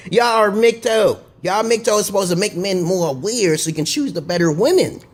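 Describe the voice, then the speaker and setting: A man with a high voice rants straight to camera in a loose vlog monologue. He swears constantly and wanders from point to point. He keeps circling back to check in with a quick "okay?". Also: animated. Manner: profane, rambling, digressive monologue; repeats himself and checks in with "okay?". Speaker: video blogger. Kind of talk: casual vlog rant to camera.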